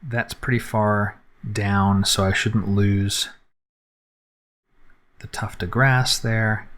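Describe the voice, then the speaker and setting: A man with a fairly low voice talks through an unscripted photo edit as he works. He thinks aloud, narrating each click and adjustment. He pauses with fillers as he decides. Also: fairly bright tone. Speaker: photographer teaching photo editing. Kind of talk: unscripted live screen-recorded editing tutorial.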